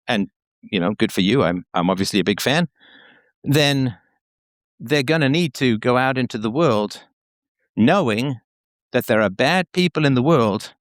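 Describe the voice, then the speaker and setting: Lively, frank male call-in host. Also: medium pitch, dry recording. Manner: frank, probing, lively delivery. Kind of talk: call-in show conversation.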